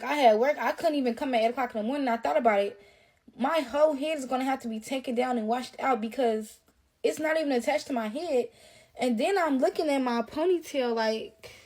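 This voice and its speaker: A woman's voice: high voice, darkish tone. A woman telling a story in an irritated, casual rant full of fillers and cursing, recorded on a phone. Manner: irritated, profane, lots of fillers.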